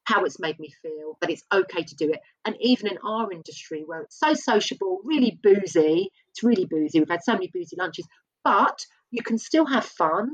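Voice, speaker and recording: Woman, interview guest, breathy voice, candid and reflective, dull lo-fi sound. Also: medium pitch, expressive, a little fast, fairly bright tone. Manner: open and reflective, often restarting sentences.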